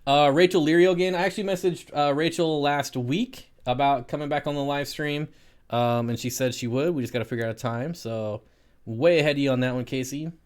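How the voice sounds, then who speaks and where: A man's voice: a little high, brisk, smooth. A man hosting an aquarium live stream, chatting casually and laughing as he answers viewer comments.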